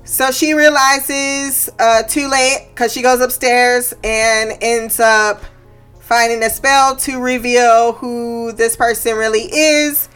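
A woman's voice: on the high side, steady tone, slow pace, fairly bright tone, clean tone, faint music behind. A woman hosting a podcast in a casual chat, recapping a TV episode. She laughs often, swears freely and goes off on tangents.

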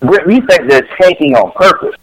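A man's voice: high-pitched, expressive, moderate pace, no room sound, poor audio. A man co-hosting a casual sports radio show, cracking playful jokes. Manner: joking, playful asides. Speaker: radio co-host.

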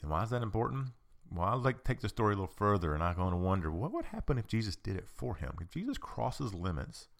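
A man's voice: lowish voice, very animated, fast, gravelly, hardly any pauses. A man hosting a podcast, giving a conversational teaching talk and repeating his points for emphasis. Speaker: podcast host.

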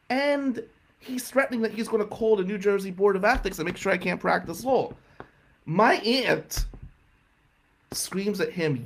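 Animated, bright-voiced male storyteller. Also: high-pitched, moderate pace, a little hiss or hum. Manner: animated, profane, incredulous. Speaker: stand-up comedian. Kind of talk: comic storytelling.

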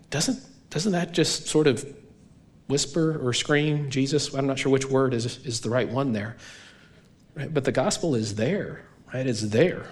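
Male pastor, mid-pitched, earnest emphatic sermon delivery. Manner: earnest, emphatic, keeps asking "right?".

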